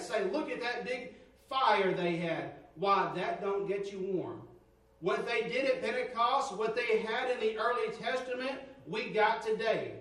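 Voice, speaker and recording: A man preaching a sermon, fervent and swinging from near shouts to low storytelling tones. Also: recorded from a distance. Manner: fervent, rising to near shouts, dropping low for quoted stories. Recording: roomy echo, from off-mic.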